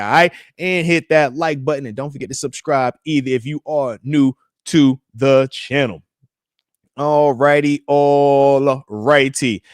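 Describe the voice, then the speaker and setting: Male live-stream host, thirties, slangy and hyped, fairly high voice, dry close sound. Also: dry recording. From United States. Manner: loose and hype, slangy, calls out chat comments. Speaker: podcast host. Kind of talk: live-stream chat with viewers.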